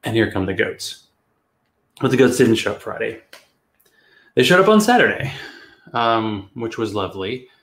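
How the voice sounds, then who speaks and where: A man with a fairly low voice tells a story in a loose, chatty way, rambling and cursing casually. It sounds like a podcast recorded in an echoey room. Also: sing-song, moderate pace, long pauses, fairly bright tone. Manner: chatty, rambling, swears and laughs often. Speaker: podcast host.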